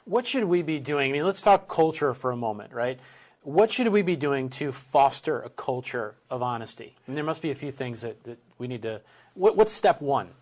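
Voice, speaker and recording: A man's voice: medium pitch, animated, moderate pace, darkish tone. A man interviewing a guest, asking questions and giving brief affirmations.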